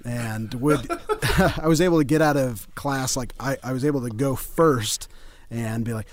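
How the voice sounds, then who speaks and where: A man from Colorado, a voice actor chatting as a guest in an interview, telling stories in a relaxed, self-deprecating way. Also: medium pitch, moderate pace, dry recording. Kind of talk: casual interview chat.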